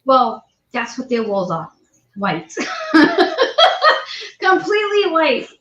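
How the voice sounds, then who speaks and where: A woman hosting a casual chat, telling a story with lively, acted-out quotes. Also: high-pitched, slow. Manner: animated storyteller, acts out quoted voices. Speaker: host. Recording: roomy, dull lo-fi sound.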